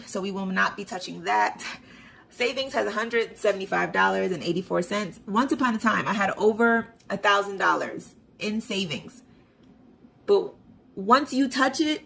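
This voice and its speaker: Gravelly-voiced woman chatting about her budget. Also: mid-range voice, a bit bright. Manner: chatty, reads figures off a screen, self-deprecating. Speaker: budgeting vlogger. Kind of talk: casual budget walkthrough to camera.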